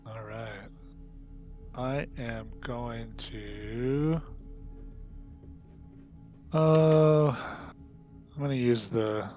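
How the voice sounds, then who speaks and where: A man narrating as game master of a tabletop game, speaking haltingly with many fillers. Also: medium pitch, steady tone, mellow, lo-fi sound, faint music behind.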